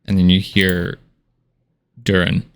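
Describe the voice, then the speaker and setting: A man's voice: low-pitched, completely flat delivery, slow pace, vocal fry, clear, resonant tone, dry recording, clean studio sound. A man narrating a tabletop game as game master, casual and descriptive with many fillers.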